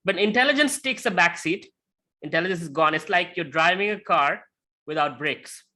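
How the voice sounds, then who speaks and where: A man giving a lecture with slides, talking conversationally and often checking in with a quick "right?". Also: high voice, animated, bright, forceful tone. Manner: tells illustrative stories.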